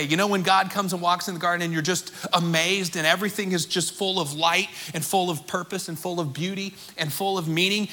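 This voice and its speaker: Male pastor, sermon, conversational, rhetorical questions, high voice, long hall reverb. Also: fairly even intonation, brisk, hardly any pauses, bright, forceful tone.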